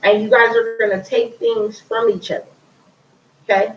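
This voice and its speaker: A woman's voice: a little high, flat delivery, moderate pace, slight background noise. A woman talking candidly and bluntly about her life in casual storytelling, repeating herself and using slang. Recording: roomy, distant, dull lo-fi sound.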